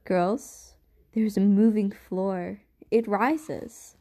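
A woman's voice: mid-range voice, drawn-out words, dark tone. A woman voicing an enthusiastic uncle who loves the stars, telling his stories with eager wonder. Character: enthusiastic stargazing uncle, adult man.

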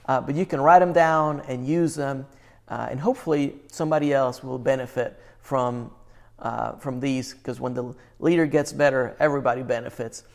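Male pastor, sermon, lively outbursts then hushed and earnest. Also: medium pitch, vocal fry.

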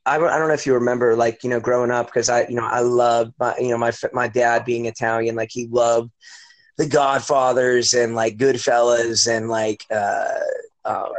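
A man's voice: mid-range voice, steady tone, normal speed. A middle-aged man hosting a podcast, telling a long story in casual, rambling chat that is full of swearing, "like" and "you know".

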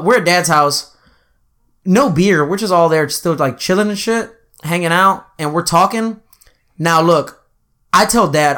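A man's voice: on the high side, pushed and bright. A man in his twenties telling a rambling, profane story in casual chat, often putting on voices for the people in it.

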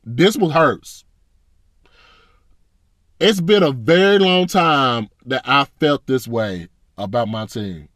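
A man's voice: mid-range voice, lively intonation, slow, pauses often, fairly bright tone, no room sound, clean studio sound. A man ranting as a fan, blunt and profane, in a casual, frustrated reaction. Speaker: sports fan commentator.

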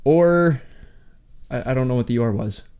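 A young man talking in a relaxed co-host chat at a medium pitch. He rambles and restarts his sentences, with a joking edge. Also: a little slow, smooth. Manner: rambling, self-interrupting, jokey. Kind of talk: casual chat.

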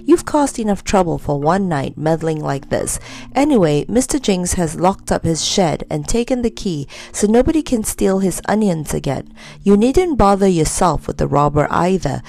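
A woman's voice: fairly low pitch, lively intonation, normal speed, creaky, a little mellow. A woman voicing a stern male head policeman who lectures and scolds in a storybook reading. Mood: scolding. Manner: lecturing and reproving. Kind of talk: storybook character voice.

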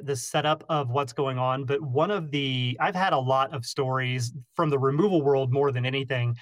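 A man, a beekeeper and podcast host, telling stories in a casual interview, animated and self-deprecating, acting out the people he quotes. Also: medium pitch, no room sound. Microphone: remote call recording.

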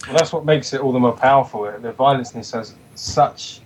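A man's voice: medium pitch, a little fast, poor audio. A man with a mid-range voice talks through a film scene on a podcast, thoughtful and detailed. He is casual and conversational, with faint background hiss.

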